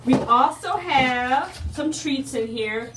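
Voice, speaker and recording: A woman's voice: high voice, expressive, takes it slowly, reverberant, distant mic, noisy background. A woman in a casual unboxing video, chatting to her viewers and calling them y'all. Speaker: unboxing vlogger.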